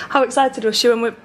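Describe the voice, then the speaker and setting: A woman in her thirties chatting casually at home as a family vlogger, gushing and chatty. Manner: chatty, gushing, talks to her toddler in a high voice. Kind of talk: casual chat. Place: home bedroom.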